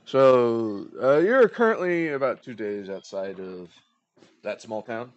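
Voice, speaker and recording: A man's voice: medium pitch, animated, takes it slowly, dry recording, muffled recording. A young man narrating a tabletop game as game master, explaining loosely with fillers and restarts.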